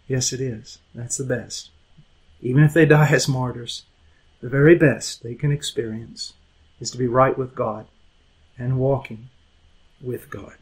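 A middle-aged man preaching an impassioned sermon, moving between loud emphasis and hushed, quiet lines. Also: a little high, husky, poor audio.

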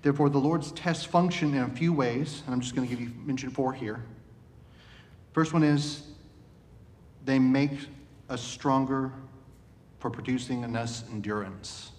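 A man preaching a sermon. He recites a poem slowly, then talks conversationally with asides. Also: darkish tone. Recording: reverberant hall with faint rumble.

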